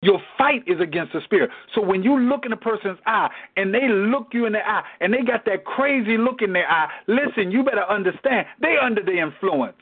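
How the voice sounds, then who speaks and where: A man's voice: high-pitched, animated, brisk, hardly any pauses, breathy edge. A man leading a Bible study in a preaching style, emphatic and repetitive in his exhortations. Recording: tinny phone-like sound.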